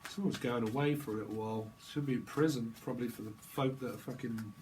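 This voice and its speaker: A man's voice: mid-range voice, fast, darkish tone, slight background noise. A man giving a jokey, rambling tarot reading, drifting between silly asides. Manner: jokey and rambling, slips into silly voices and snatches of song. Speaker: tarot reader.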